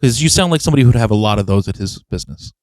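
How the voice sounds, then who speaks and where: A man's voice: lowish voice, lively intonation, racing, darkish tone, no room sound. A man co-hosting a podcast, chiming in with jokes and teasing remarks. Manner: joking, teasing interjections. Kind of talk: casual interview chat.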